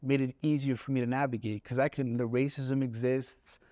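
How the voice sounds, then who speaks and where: A man's voice: medium pitch, level tone, a little fast, warm tone, no echo. A man, a poet and the guest, telling stories from his life in an earnest, reflective way and voicing other people's words as he goes. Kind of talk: reflective storytelling in conversation.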